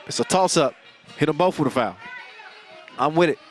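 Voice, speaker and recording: A man calling a live game as play-by-play commentator, energetic and jokey. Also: on the high side, moderate pace. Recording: arena crowd and music behind. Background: cheering crowd and arena music.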